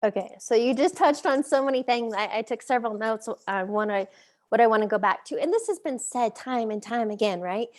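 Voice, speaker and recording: A woman's voice: a little high, lively intonation, a little fast. Reflective woman host. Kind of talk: interview conversation.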